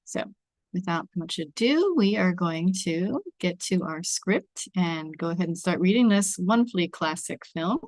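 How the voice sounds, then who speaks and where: A woman's voice: fairly low pitch, expressive, normal speed, a little mellow, dry recording. A woman from Washington state hosting an online table read over a video call, chatty and informal. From Washington state, USA.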